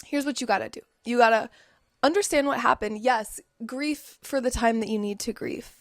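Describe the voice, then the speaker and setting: A young woman hosting a casual motivational talk from home, emphatic, repeating key words and dropping into soft asides. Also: on the high side, normal speed, no echo, clean studio sound. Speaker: host.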